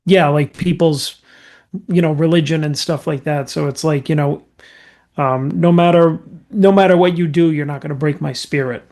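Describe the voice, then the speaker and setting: A man co-hosting a podcast, talking casually in halting, filler-heavy phrases. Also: on the high side, steady tone, darkish tone. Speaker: podcast co-host. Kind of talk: casual chat.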